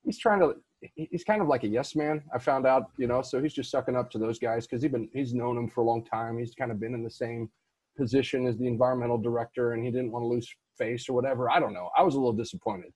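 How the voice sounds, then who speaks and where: A man's voice: mid-range voice, fast talker, a little mellow, breathy edge, no echo. A man, a guest on an interview, telling a long story casually with many restarts and fillers. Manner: rambling with frequent restarts and fillers. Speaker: guest real estate investor.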